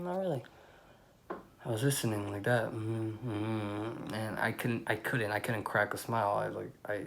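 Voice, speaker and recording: A young man vlogging, telling a rambling personal story in a casual, animated way with loud outbursts. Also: on the low side.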